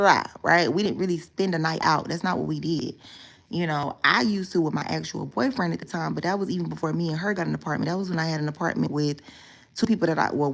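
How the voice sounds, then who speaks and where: A woman's voice: low voice, creaky. A woman casually telling viewers a personal story, candid and rambling, with a lot of profane slang. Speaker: storytime vlogger.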